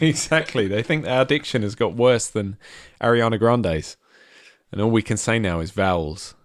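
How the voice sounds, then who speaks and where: This podcast co-host has a fairly low voice and talks at normal speed, recorded dry with clean studio sound. Giggly and bossy, he laughs often while setting up a silly game and steering his co-hosts through it in casual comedy chat.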